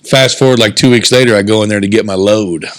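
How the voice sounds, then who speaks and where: A young man from Southern Indiana co-hosts a podcast, telling a story in casual chat. He's animated and swears freely, speaking quickly in a lowish voice with no room sound.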